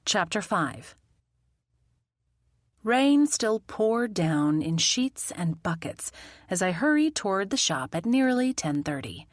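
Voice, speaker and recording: Woman narrator, lively pitch, close dry studio read of a cozy mystery. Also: slow, dry recording. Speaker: audiobook narrator. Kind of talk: first-person audiobook narration.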